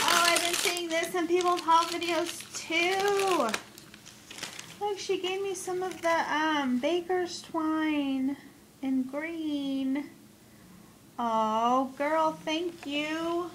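A woman with a high, bright-pitched voice gushes her way through a craft haul, full of gasps and delighted exclamations. She talks at an unhurried pace, dwelling on each gift. A steady hiss of noise sits under the recording. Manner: gushing and excitable, gasps and repeated exclamations. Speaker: crafting vlogger. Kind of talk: casual unboxing haul video.

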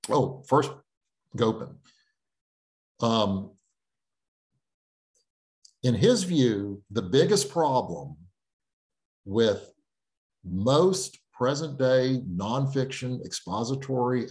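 Man, middle-aged, writing instructor, animated pitch, chatty lecture with restarts. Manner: conversational, thinks aloud with fillers and restarts. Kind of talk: online lecture.

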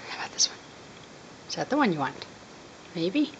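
A woman talking to a foster dog at home in high, sing-song baby talk, coaxing it to pick a toy. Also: very animated, moderate pace, a bit bright, whispered, lo-fi sound. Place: home with dogs.

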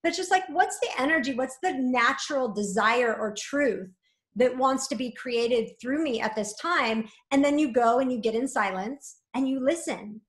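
High-voiced woman, gently encouraging. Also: moderate pace, reverberant. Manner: flowing, gently encouraging, frequent "like" and "right?". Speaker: guest, spiritual coach. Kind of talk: reflective conversational interview.

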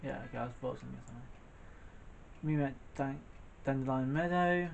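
A man's voice: mid-range voice, normal speed, gravelly, muffled recording, slight background noise. A man giving jokey, reactive let's play commentary, talking back at the game as he plays. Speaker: gamer.

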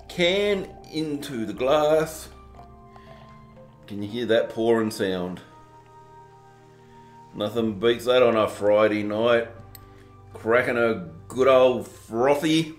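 A man from southern Tasmania, with an Australian accent and a mid-range voice, speaks slowly and pauses often while reviewing drinks for his home video channel. Chatty and self-mocking, he plays up poshness as a joke, and the recording has roomy echo and faint background music.

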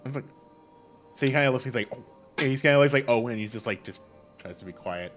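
A man playing a tabletop game, speaking hesitantly with many pauses. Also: mid-range voice, lively intonation, a bit bright. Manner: hesitant, halting speech. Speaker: player. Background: faint background music.

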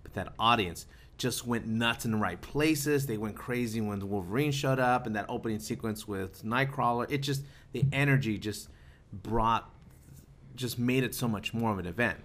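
Male podcast host, casual chat, stumbles and restarts a lot, mid-pitched. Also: moderate pace, fairly bright tone. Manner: stammers and restarts often.

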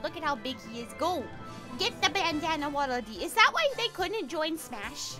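A woman streaming a game, chatting excitably, giggling and swearing, her throat a little scratchy today. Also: high-pitched, normal speed, over music. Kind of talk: casual game-stream chat.

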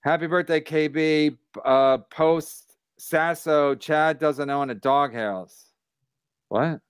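Man, comic co-host, brash and profane; fairly high voice, dry close studio sound. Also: takes it slowly, smooth, no echo. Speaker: comedian podcast co-host. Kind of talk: casual podcast banter.

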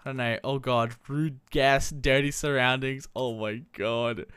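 A young adult commentating a life-simulation game in a casual, slangy, excitable way, laughing often. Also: mid-range voice, a little slow, clean tone, no echo, clean studio sound. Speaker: gameplay commentator. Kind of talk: casual Let's Play commentary.

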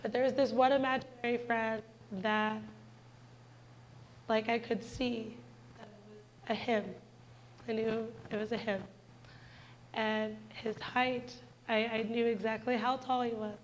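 A woman's voice: on the high side, flat delivery, unhurried, slight background noise, poor audio. A woman in her twenties giving a heartfelt personal testimony in a church, speaking earnestly and directly to the congregation. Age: 20s.

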